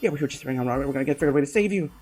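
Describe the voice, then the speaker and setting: A man's voice: lowish voice, moderate pace, darkish tone, lightly acted. A man voicing a panicked teenage boy urgently reassuring his trapped sister.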